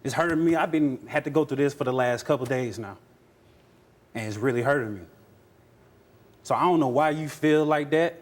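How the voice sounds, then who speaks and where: A man's voice: medium pitch, normal speed, pauses often. Earnest, wounded man on a talk show. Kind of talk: emotional talk show testimony.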